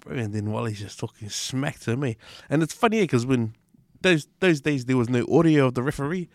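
A man's voice: mid-range voice, lively intonation, fairly quick, no room sound, clean studio sound. A man with a New Zealand accent in casual podcast chat, slangy, swearing and tagging lines with "eh". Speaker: podcast panelist.

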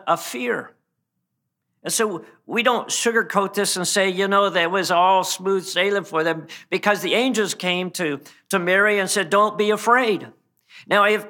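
High, bright-voiced man preaching a sermon. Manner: earnest, with frequent restarts and repeated words. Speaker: pastor.

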